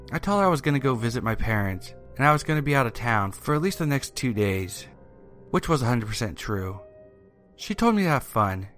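A man narrating a first-person horror story in a steady, even storytelling manner. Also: mid-range voice. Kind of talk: scripted narration. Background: faint music.

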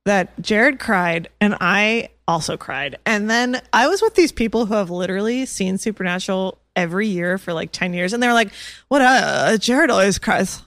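A young woman co-hosting a podcast, gushing excitedly as she tells stories in casual chat. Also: mid-range voice, normal speed, hardly any pauses, no room sound. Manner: gushing, excitable fan storytelling. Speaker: podcast co-host.

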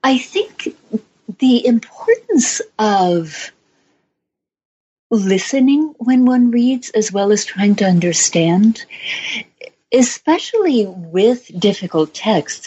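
A woman author answering interview questions in a reflective, measured way, with fillers and light laughs. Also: on the low side, a little mellow, slightly rough. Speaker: author and guest. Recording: slightly dull, lo-fi sound.

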